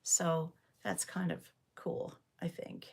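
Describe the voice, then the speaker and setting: A woman with a low, gravelly voice hosts a relaxed livestream from her home. She chats on in a loose, rambling way, full of ums, as she shows off her knitting. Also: takes it slowly. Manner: rambling and chatty, with many ums. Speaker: livestream host. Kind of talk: casual livestream chat while showing knitting. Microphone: phone.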